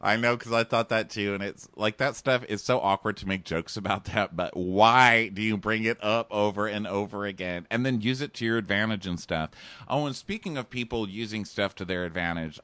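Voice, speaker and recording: A man's voice: lowish voice, moderate pace, pushed and bright, no echo. A man co-hosting a casual chat, making sarcastic, mocking asides. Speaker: podcast co-host. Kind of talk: casual chat recapping a reality show.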